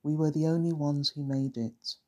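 A storyteller voicing a frightened young woman who survived trauma, talking softly and pleadingly with sentences that trail away. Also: mid-range voice, steady tone, normal speed, close to an everyday voice.

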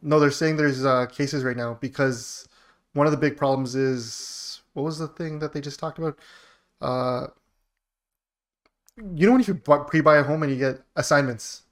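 A man's voice: a little high, normal speed. A man hosting a casual podcast chat, joking around and laughing often. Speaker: podcast host.

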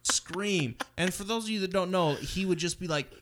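A man's voice: sits high, normal speed, very noisy. A man chatting casually as a podcast guest, telling stories with lots of laughter and acting out what people said. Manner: animated storyteller, laughs often, acts out quoted voices. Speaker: podcast guest, brother of host. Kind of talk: casual chat.

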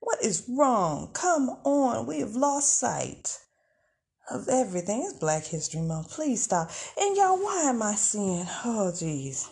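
A woman talking casually on her own podcast, taking her time over each thought. Her voice has a gravelly, fry-heavy texture. She is chatty and expressive, with frequent laughs and sighs. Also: fairly high pitch, slow pace. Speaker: podcast host. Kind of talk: casual monologue.

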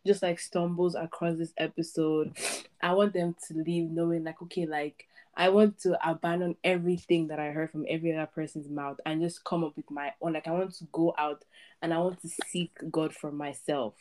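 A woman's voice: sits low, little pitch movement, normal speed, a little mellow. A young woman hosting a casual podcast chat, talking freely with many fillers. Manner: chatty, lots of "like" fillers. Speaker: podcast host.

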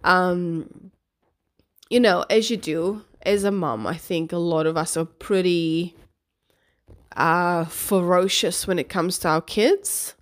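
A woman from South Africa, a podcast host, telling a story in a casual monologue, animated and swearing freely as she acts out her own outbursts. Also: fairly low pitch, slow.

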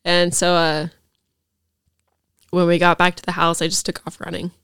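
A woman's voice: on the low side, completely flat delivery, moderate pace, fairly bright tone, smooth, no room sound, clean studio sound. A young woman, a podcast guest, rambling through a personal story with lots of fillers.

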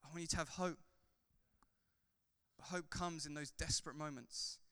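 A man who is a pastor, preaching a sermon in a church hall, swinging from loud fervor to soft, chatty asides. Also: on the high side, fairly even intonation, moderate pace, clean tone. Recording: long hall reverb.

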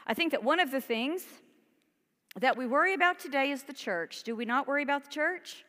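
A woman's voice: high-pitched, lively intonation, fairly quick, sharp tone. A woman pastor preaching a sermon in a conversational, emphatic way, asking her congregation questions. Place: church sanctuary. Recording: long church reverb.

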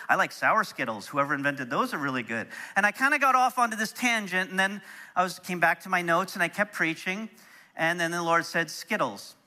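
A middle-aged man preaching, telling a personal story in an animated way that turns soft and quiet when he is moved. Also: high voice. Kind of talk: storytelling sermon.

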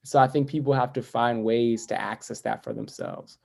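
Guy with a gravelly voice talking thoughtfully on a podcast, lots of "like"s, gets soft and quiet sometimes. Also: medium pitch, steady tone, moderate pace. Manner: thoughtful, many "like" fillers, softens to near quiet when reflecting. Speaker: guest, poet and educator. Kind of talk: reflective podcast interview.

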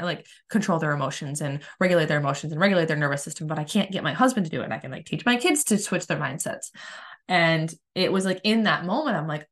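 A woman with a slightly low voice shares her story in a casual personal monologue. She talks candidly and emphatically, swears without hesitation and restarts her sentences often. When she acts out her past frustration, her voice jumps up high and speeds along. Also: animated, fast. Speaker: energy healer.

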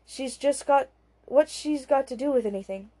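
A woman's voice: sits high, normal speed, dark tone. A woman reading a worn-out, defensive husband. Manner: defensive, incredulous. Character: exhausted husband, middle-aged man, defensive.

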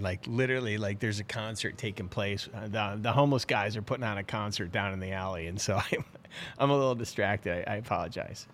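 A man's voice: lowish voice, a bit bright, slight background noise. Rambling middle-aged man hosting a live show. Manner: rambling, many fillers and restarts, chatty. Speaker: host of a live fishing subscription show. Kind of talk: casual live-stream chat. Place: his office.

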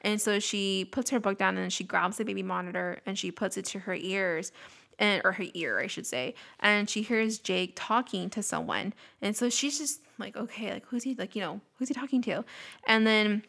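A woman co-hosting a casual podcast, retelling a film's plot with lively acted-out lines and frequent laughter. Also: mid-range voice, moderate pace, gravelly. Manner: animated retelling, acts out characters' lines, laughs often. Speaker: podcast co-host. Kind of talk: casual movie recap chat.

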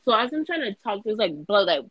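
A young woman on a casual podcast, telling a dream in an animated way, full of fillers. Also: medium pitch, slight background noise, low-quality recording. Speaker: podcast co-host, student. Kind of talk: casual chat, storytelling.

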